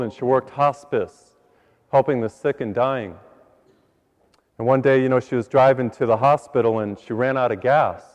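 A priest telling jokes from the pulpit in a loose, storytelling manner. His voice rings through a big church with a long tail of reverb, and the sound is slightly dull. The congregation laughs now and then. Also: medium pitch. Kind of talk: joke-filled sermon. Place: large church.

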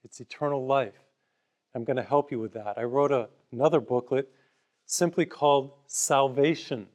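A man's voice: medium pitch, moderate pace, a little mellow, muffled recording. A man delivering a broadcast sermon in a mid-range voice. He talks conversationally, leaning on simple everyday parables, and offers listeners free booklets. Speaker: preacher.

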